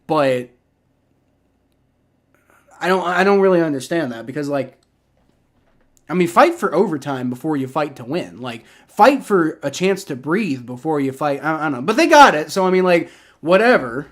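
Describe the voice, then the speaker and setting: A man from Ohio with a Southern accent, giving excitable, rambling live play-by-play reaction commentary on a football game and swearing when frustrated. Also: on the high side, moderate pace, pauses often. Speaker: livestream sports reaction host.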